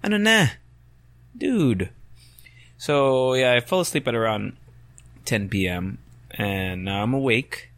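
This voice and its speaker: Male podcast host, hoarse, rambling; dry, close recording. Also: mid-range voice, expressive, takes it slowly, pauses often, fairly bright tone, no room sound. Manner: rambling, self-correcting, chatty. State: hoarse, just woken up. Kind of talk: casual solo podcast talk.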